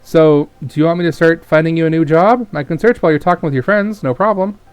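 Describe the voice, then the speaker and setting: A man's voice: fairly high pitch, quick pace, clear, resonant tone, close to an everyday voice. A man voicing a helpful AI phone assistant in a game, chirpy and eager.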